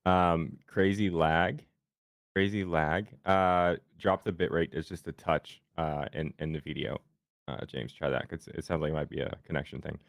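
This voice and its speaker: A man with a very low voice, hosting a livestream in loose, rambling chat. The sound is dry and close, with no room around it. He jokes easily with his co-host and the chat. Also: steady tone, normal speed, creaky, dry recording. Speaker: host of a sports betting stream.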